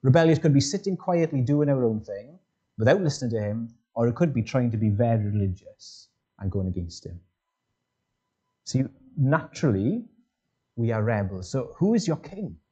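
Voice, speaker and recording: A man delivers a sermon in an earnest, questioning way, often turning to his listeners. His voice is mellow and a little husky. The recording sounds dull and muffled. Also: lively intonation, normal speed. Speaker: preacher. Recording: muffled low-fidelity sound.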